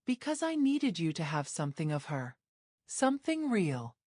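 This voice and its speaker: A woman narrator voicing a guarded, brooding man who is a crime boss, speaking quietly and intensely. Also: on the low side, sing-song, normal speed, no room sound, studio quality. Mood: raw.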